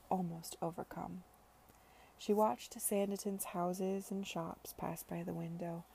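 A woman reading a novel aloud as host of her reading podcast, in a calm, even narration. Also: lowish voice, gravelly, slight background noise. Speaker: podcast reader.

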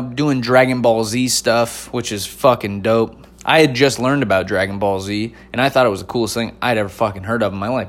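Profane, rambling comedian man in his thirties. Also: medium pitch. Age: 30s. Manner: animated, profane, loose and rambling. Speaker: comedian podcast host.

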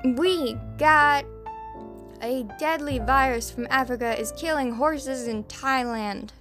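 A woman's voice: sits high, takes it slowly, music in the background. A young woman hosting a podcast, rambling through the news in a casual, swearing, filler-heavy way. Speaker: podcast host.

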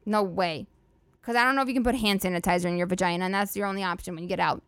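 A woman's voice: medium pitch, steady tone, a little fast, fairly bright tone, clear, resonant tone, no room sound. A woman hosting a solo comedy podcast, rambling and swearing freely with lots of "like" fillers. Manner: profane, rambling, filler-heavy "like" talk. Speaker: podcast host.

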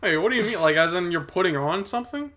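A man's voice: sits high, expressive, fast talker, fairly bright tone, slight background noise. A man co-hosting a podcast, asking quizzical, probing questions in casual chat and laughing easily. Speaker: podcast co-host.

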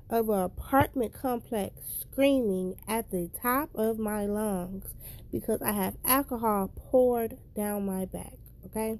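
A woman's voice: mid-range voice, slow pace, a little mellow. A young woman telling a personal story in a casual vlog, blunt and profane, getting emotional as she speaks.

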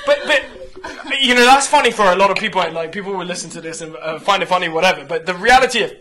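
A man's voice: high-pitched, expressive, fast, sharp tone. A young man speaking frankly and profanely in casual conversation, telling stories animatedly and often restarting his sentences. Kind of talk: candid casual chat.

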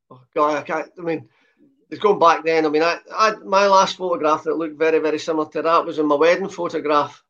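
A man in his fifties from Scotland with a softened Glasgow accent, telling stories as an interview guest with a lot of filler sounds. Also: a little high. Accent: softened Glasgow Scottish. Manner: lots of uh fillers, chatty storytelling. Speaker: guest, former footballer. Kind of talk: relaxed interview chat. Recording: dull lo-fi sound.

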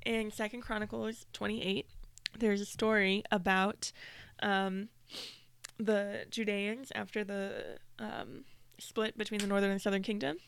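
A woman co-hosting a casual faith podcast, talking in an animated way and laughing easily. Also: medium pitch, unhurried, creaky, clear, resonant tone. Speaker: podcast co-host.

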